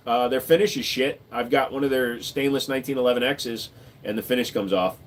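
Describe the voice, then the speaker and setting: Man, livestream host answering chat, relaxed and jokey, casual swearing. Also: medium pitch, brisk, a little hiss or hum. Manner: laid-back, joking, swears casually, lots of "uh" and "dude".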